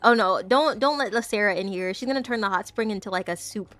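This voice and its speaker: A woman's voice: mid-range voice, fast talker, a bit bright, no echo. A young woman chatting casually on a live stream, giggling often and tripping over her words as she rambles to her viewers. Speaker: VTuber streamer.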